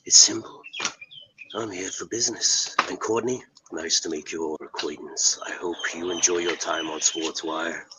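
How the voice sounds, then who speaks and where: A man giving an in-character wrestling promo on a video call. He talks in an intense, boastful way, swears, and builds to shouts. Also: deep voice, steady tone, moderate pace, heavy background noise. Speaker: pro wrestler guest.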